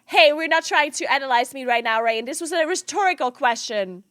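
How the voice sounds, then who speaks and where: A woman's voice: high-pitched, expressive, brisk, a bit bright, no echo, clean studio sound. A woman streaming live, chatting casually with her viewers, laughing often and swearing. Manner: laughing helplessly, swearing, talking to chat.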